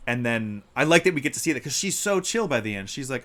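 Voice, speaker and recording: A man co-hosting a livestreamed podcast in a casual chat, lively, acting out quoted lines in a raised voice. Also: fast talker, hardly any pauses. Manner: animated, acts out quotes in a higher voice. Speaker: podcast co-host. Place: live-streamed podcast.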